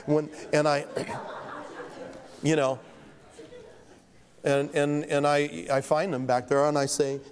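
A man's voice: fairly high pitch, flat delivery, slow pace, long pauses. A man preaching a sermon as pastor, telling stories with self-deprecating humor and acting out the voices of the people in them. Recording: long hall reverb.

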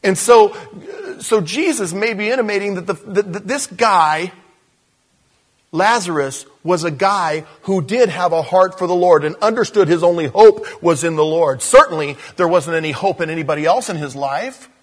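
A man preaching a sermon, a husky grain running through his voice. He sits a little higher than most men and talks to the congregation like a conversation, doubling back on phrases and breaking off into asides. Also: normal speed. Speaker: pastor.

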